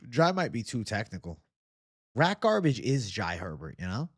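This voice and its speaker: A man's voice: fairly low pitch, big pitch swings, moderate pace, no echo, clean studio sound. A young man from Boston hosting a casual live chat. He talks loosely and swears a lot. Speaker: livestream host.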